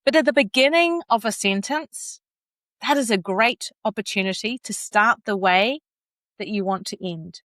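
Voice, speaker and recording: A woman vocal coach giving conversational advice, animated and laughing now and then as she demonstrates pitch. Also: normal speed, no echo.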